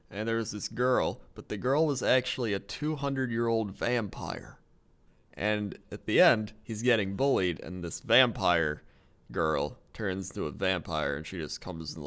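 Young male co-host, smooth clear voice, deadpan and laid-back. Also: fairly low pitch. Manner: laid-back, deadpan, reads items aloud. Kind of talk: comedic podcast banter.

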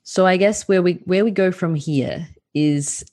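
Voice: mid-range voice, measured pace, darkish tone. Thoughtful, affirming podcast host with a mid-range voice, guiding the conversation. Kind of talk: conversational interview.

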